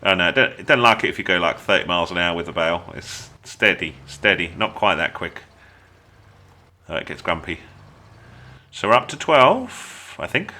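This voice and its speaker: An English gaming channel host talks at a moderate pace in a low, sing-song voice that sounds pushed and bright. His manner is chatty and jokey as he guides viewers through gameplay.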